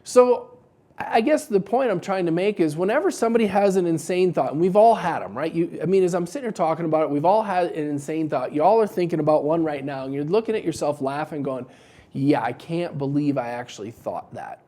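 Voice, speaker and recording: A man with a mellow, warm voice talks casually to camera, giving business advice with a wry, joking edge. He tells animated little stories to make his point. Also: a little high, fast. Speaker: business coach for dental practices.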